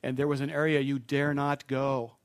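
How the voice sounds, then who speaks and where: A man's voice: mid-range voice, flat delivery, normal speed, clean tone. A man preaching a sermon to a live congregation in a conversational way, with asides and self-deprecating jokes.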